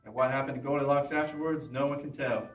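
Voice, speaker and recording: A man reads a children's bedtime story aloud in a plain, steady voice at an ordinary middle pitch. He sits away from the mic, and the room adds a clear echo. Faint music plays underneath. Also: fast. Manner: plain, steady reading with small slips. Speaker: police officer reading to children. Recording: roomy echo, mic at a distance.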